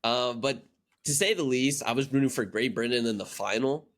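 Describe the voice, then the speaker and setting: A man's voice: medium pitch, normal speed, fairly bright tone. An American man co-hosting a casual podcast, telling a rambling story with lots of fillers. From United States. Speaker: podcast co-host.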